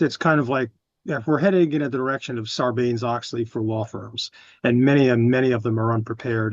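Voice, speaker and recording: A man's voice: mid-range voice, no echo. A man taking part in a video call, explaining at length in a polite way. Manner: polite, long-winded explaining. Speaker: participant. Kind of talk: casual chat on a video call. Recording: dry, dull video-call audio.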